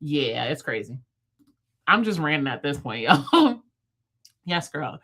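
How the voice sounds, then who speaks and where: A young woman, hosting a casual livestream, talking fast and laughing often with her viewers. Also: low-pitched, sing-song, fairly bright tone. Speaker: livestream host.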